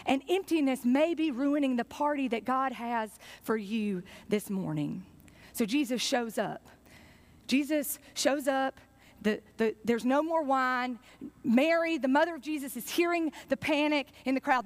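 High-voiced woman preaching with passion. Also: normal speed. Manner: impassioned storytelling with repetition. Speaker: pastor. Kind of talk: sermon.

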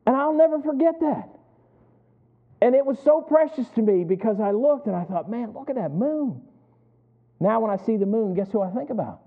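Preacher on a tinny line. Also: male voice, very high-pitched, brisk. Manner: animated storytelling, asks the congregation to fill in words. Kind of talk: sermon. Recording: tinny phone-like sound.

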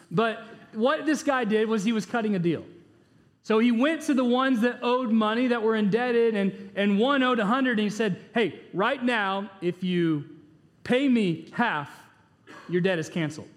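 High-voiced casual preacher in a hall. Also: male voice, expressive, brisk. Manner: casual, joking asides and rhetorical questions. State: short on sleep. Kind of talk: conversational sermon.

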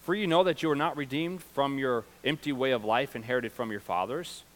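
A middle-aged male pastor preaching a sermon, swinging from loud, emphatic peaks to low, confiding asides. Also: brisk.

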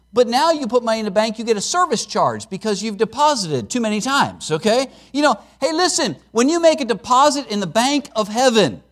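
Animated, high-pitched male preacher. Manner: lively preaching, rising to emphatic peaks with chuckles and asides. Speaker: preacher, missionary. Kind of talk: sermon.

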